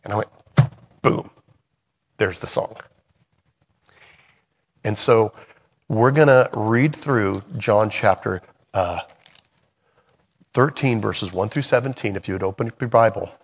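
A man's voice: on the low side, slow pace, long pauses, long reverb tail. A middle-aged man leading a Bible study. He talks earnestly and conversationally, then reads scripture aloud, often correcting himself as he goes. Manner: earnest and conversational, with many restarts while reading. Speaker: Bible study teacher and songwriter.

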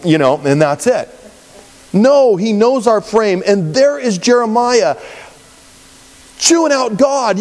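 A man preaching a Bible-teaching sermon as a pastor, conversational and animated, acting out quoted voices. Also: high-pitched, slow pace, long pauses. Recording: long reverb, as in a large hall.

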